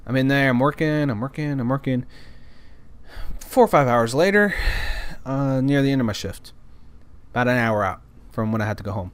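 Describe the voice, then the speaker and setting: A man telling a work story in a casual monologue, rambling, repeating words and cursing now and then. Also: mid-range voice.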